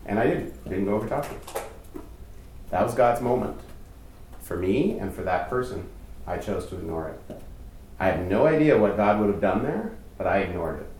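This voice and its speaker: A man's voice: on the low side, animated, moderate pace, long pauses, darkish tone, slight background noise. A man giving a candid, chatty storytelling sermon as youth pastor, poking fun at himself. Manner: candid, self-mocking, chatty. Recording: echoey room, distant mic.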